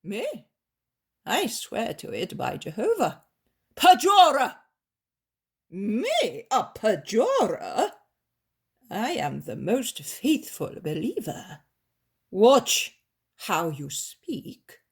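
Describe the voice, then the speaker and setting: A woman voicing a greedy, boastful rich male landowner with a squeaky, shrill voice. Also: very animated, slow, breathy edge, full character voice. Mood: indignant. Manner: shrill, pleading and blustering.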